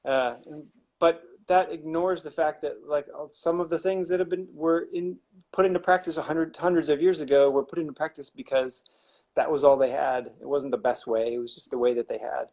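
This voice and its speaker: A man's voice: a little high, fairly even intonation, fairly quick, a little mellow. A man, a winemaker, explaining wine making in a casual, rambling way with wry asides and many restarts.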